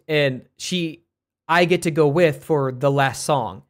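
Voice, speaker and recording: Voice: medium pitch, measured pace. American streamer telling a story, rambling. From United States. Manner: animated, rambling, with restarts and "like" fillers. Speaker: streamer and teacher. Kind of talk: casual storytelling on a live stream.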